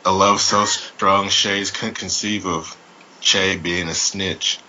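This man's voice sits very low but carries a bright, forceful edge. He co-hosts a casual podcast and reads listener feedback with amused asides. The sound is dull and lo-fi, like an online call with faint hiss. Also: steady tone, slow pace.

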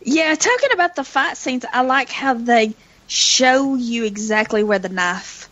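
A woman chatting casually on a podcast, making quick, animated asides. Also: high-pitched, no room sound, highs cut off. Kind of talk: casual chat.

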